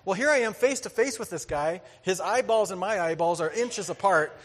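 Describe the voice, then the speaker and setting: A man preaching a sermon, telling a story with lively energy, acting out voices and laughing often. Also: sits high, normal speed. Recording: hall reverb.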